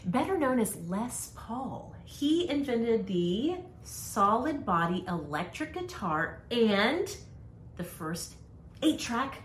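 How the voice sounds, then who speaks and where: A woman's voice: fairly high pitch, big pitch swings, takes it slowly. A middle-aged woman co-hosting a podcast in casual, self-deprecating chat, reading out dates and facts. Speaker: podcast co-host. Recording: roomy with faint noise.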